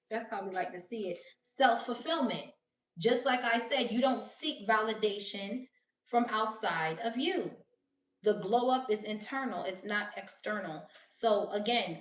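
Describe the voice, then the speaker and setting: A woman with a fairly high voice gives a casual tarot reading, blunt and full of swearing, often breaking into laughter. She sits back from the mic in a roomy, echoing space. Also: slight background noise. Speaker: tarot reader. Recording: roomy echo, voice distant from mic.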